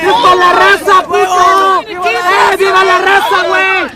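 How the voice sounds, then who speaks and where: Guy yelling at a street protest, slow and loud, crowd and noise everywhere. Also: extremely high pitch, completely flat delivery. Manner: yelling, profane taunts.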